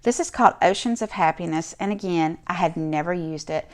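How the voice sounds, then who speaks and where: A woman's voice: lowish voice, a little fast. Chatty woman gushing over handmade cards. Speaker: crafting channel host. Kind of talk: casual show-and-tell vlog.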